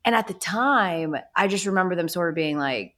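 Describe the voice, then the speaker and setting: A woman in her thirties co-hosting a sports chat, talking frankly and with mock exasperation. Her pitch moves a lot, rising and falling as she tells a story. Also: lively intonation, moderate pace, fairly bright tone. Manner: chatty, exasperated, candid. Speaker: co-host. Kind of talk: casual sports talk.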